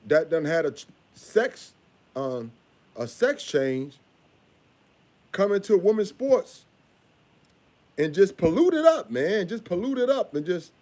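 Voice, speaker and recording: A father talking casually in a vlog, repeating himself and scolding in a drawn-out way. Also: high voice, very animated, darkish tone.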